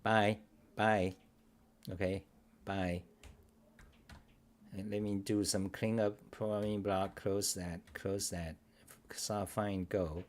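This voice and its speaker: A man's voice: deep voice, level tone, takes it slowly, long pauses. A man hosting a casual livestream talk show, rambling bluntly with some swearing and answering chat comments. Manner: reads and answers live chat. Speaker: host.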